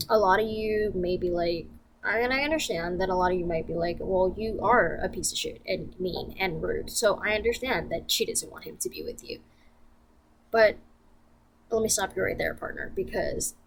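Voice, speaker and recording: A woman's voice: fairly low pitch, normal speed, pauses often. A young woman venting to camera in a casual vlog, blunt and profane, rambling with lots of fillers. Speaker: vlogger.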